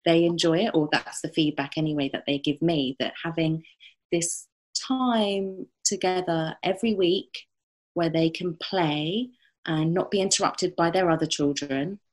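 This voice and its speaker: A British woman with a somewhat low voice talks about her work as a therapist. She is reflective and warm, pausing often on fillers and restarting her sentences as she thinks aloud. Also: steady tone. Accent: British English. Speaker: psychotherapist and group leader. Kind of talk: reflective interview answers.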